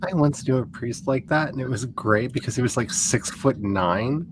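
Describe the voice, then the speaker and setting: A man chatting casually and excitably, laughing easily and telling stories theatrically. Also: medium pitch, normal speed, noisy background. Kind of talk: casual chat.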